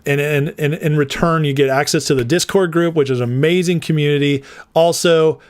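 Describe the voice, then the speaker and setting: A man's voice: on the high side, no echo. A man hosting a casual political commentary livestream, chatty and rambling, laughing often as he talks to his viewers.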